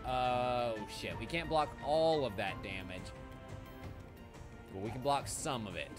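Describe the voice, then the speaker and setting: Man, game streamer, live commentary, excitable, swears when frustrated, clear game music behind. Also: mid-range voice, measured pace.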